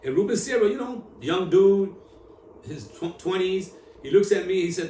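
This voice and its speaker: A man telling his story on camera in an interview, in animated street slang with Spanish mixed in. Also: high-pitched, moderate pace, far from the mic. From New York. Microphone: camera at a distance. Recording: echoey room, voice from off-mic, faint hum.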